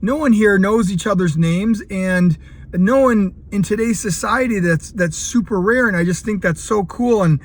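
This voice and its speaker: A man in his fifties voicing a young male coworker who talks in an excited, rambling way. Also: sits high, normal speed, pitched above the performer's own voice. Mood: eager.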